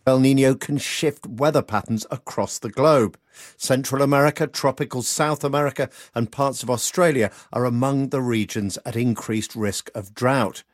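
A man, a climate editor, delivering a scripted news report in a steady, explanatory way. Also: mid-range voice, normal speed, dry recording, studio quality.

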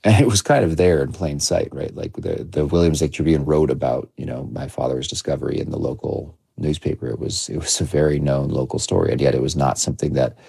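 A man in his thirties, a documentary filmmaker, giving measured, reflective interview answers with frequent restarts. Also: very deep voice, fairly even intonation, gravelly, mellow, husky, dry recording. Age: 30s. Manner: measured, with many restarts and hedging fillers.

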